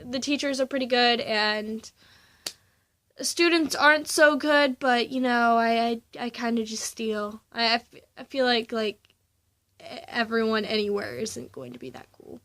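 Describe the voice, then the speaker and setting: A woman's voice: on the high side, a little slow, a bit bright. A teenage girl chatting casually about school and hobbies, rambling and giggly, with many fillers and restarts. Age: teens. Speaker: student vlogger.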